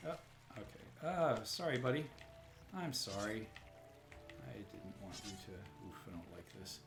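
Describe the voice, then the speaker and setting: A man's voice: fairly low pitch, big pitch swings, normal speed. A man streaming a platform game live, rambling and musing aloud, often breaking off mid-sentence and asking "right?". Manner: rambling, self-interrupting, says "right?" often. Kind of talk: casual live-stream commentary. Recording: roomy echo, faint music.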